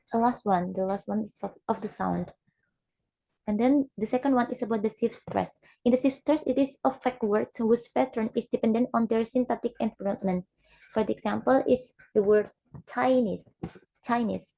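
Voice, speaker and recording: A young woman, a student giving a class presentation, who talks haltingly and repeats example words aloud. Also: on the high side, warm tone, low-quality recording. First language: Indonesian.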